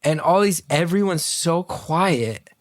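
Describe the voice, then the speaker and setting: This guest co-host from North Jersey talks slowly in a fairly high voice, recorded cleanly at studio quality with no echo. Telling a story on a podcast via video call, he acts out the people involved and swears freely.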